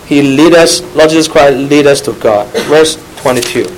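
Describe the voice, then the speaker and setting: A man with a Chinese accent, Mandarin his first tongue, preaches a Bible study sermon in emphatic, earnest English. His voice sits a little high for a man, and he speaks directly to his listeners. A faint hiss runs under the recording. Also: normal speed, low-quality recording.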